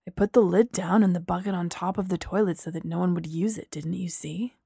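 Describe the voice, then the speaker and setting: A worn-out young man, an engineer, talks low and half-whispered in a dry, close audiobook voice, as a woman narrator puts him on. His lines come out breathy and heavy with frustration. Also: normal speed, dark tone, dry recording. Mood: exasperated.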